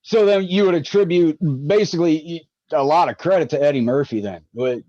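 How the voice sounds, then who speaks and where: A man's voice: a little high, a little fast, warm tone, dry recording, muffled recording. An American man hosting a casual interview, laughing along and asking long, winding questions. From United States. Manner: friendly, laughs along, asks rambling questions. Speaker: podcast host.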